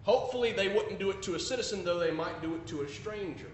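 Emphatic high-voiced male preacher. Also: fast talker. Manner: emphatic, swings between loud and quiet. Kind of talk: sermon. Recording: echoey room with faint rumble.

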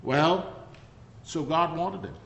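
A man's voice: a little high, takes it slowly, vocal fry, a bit bright. A man preaching a sermon, telling the story in a conversational, emphatic way with wry asides. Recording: echoey hall reverb.

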